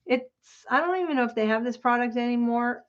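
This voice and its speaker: On a casual craft-along livestream, a woman talks quickly in a voice on the high side. She thinks aloud and chats with viewers while measuring and cutting. Background noise is clearly audible in the dull, lo-fi home recording.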